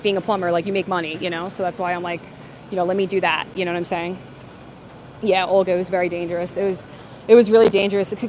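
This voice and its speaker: A woman's voice: mid-range voice, a little hiss or hum. A woman hosts a casual livestream, answering viewer comments and telling rambling stories full of fillers and restarts. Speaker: livestream host.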